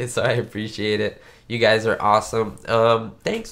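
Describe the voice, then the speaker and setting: A man's voice: on the low side, little pitch movement, measured pace, creaky, a bit bright. A man hosting a live-stream chat, his voice nasal and congested from a cold, talking in a chatty, rambling way with many fillers. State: sick, congested. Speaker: YouTube host. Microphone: webcam setup.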